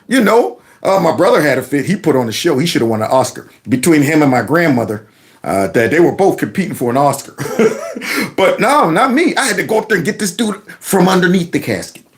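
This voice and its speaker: This is a man running his own commentary vlog. He talks in a folksy, mocking way, and his pitch swoops widely while sitting somewhat high for a man. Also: fairly bright tone. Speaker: commentary channel host.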